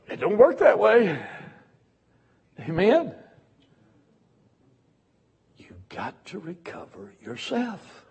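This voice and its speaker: Gravelly preacher. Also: male voice, sits high, wildly swooping pitch, drawn-out words, long pauses. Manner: folksy storytelling, swinging from loud exhortation to hushed confession. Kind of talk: sermon.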